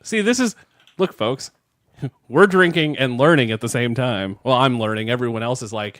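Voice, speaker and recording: A man's voice: mid-range voice, normal speed, a bit bright, no echo, studio quality. A man co-hosting a podcast, joking around and tripping over long drug names in a casual chat. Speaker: podcast co-host.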